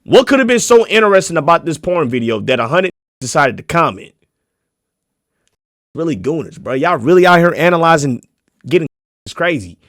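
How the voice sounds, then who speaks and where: A young man streaming a casual reaction video, profane and mocking, swinging into shouts. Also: a little high, big pitch swings, a little fast, long pauses, no room sound, studio quality.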